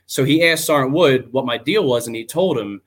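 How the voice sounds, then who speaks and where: A man's voice: mid-range voice, expressive, a little fast. A young man, an army veteran, telling his story on a video call in a loose, candid way, with many ums and some swearing. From United States. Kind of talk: casual spoken storytelling.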